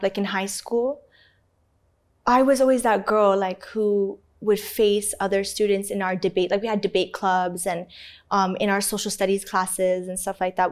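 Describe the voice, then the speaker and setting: Animated young woman, talking openly. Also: medium pitch. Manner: animated and expressive, with frequent fillers like "like"; laughs easily and often. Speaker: interview guest. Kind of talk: candid conversational interview.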